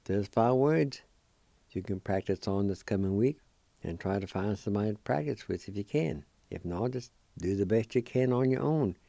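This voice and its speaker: A man teaching a language lesson, spelling and sounding out words slowly, syllable by syllable. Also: on the low side, lively intonation, gravelly, warm tone, dry recording. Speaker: language teacher and radio host. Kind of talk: slow pronunciation lesson.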